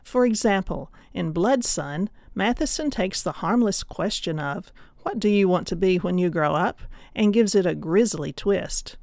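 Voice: mid-range voice, animated, a little slow, creaky, few pauses, darkish tone, no room sound. Dry-sounding audiobook presenter. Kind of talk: promotional overview.

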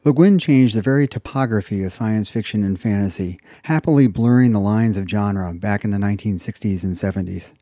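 A man's voice: fairly low pitch, brisk, few pauses, dark tone, no echo, clean studio sound. A man presenting a scripted audiobook review in an enthusiastic, polished way.

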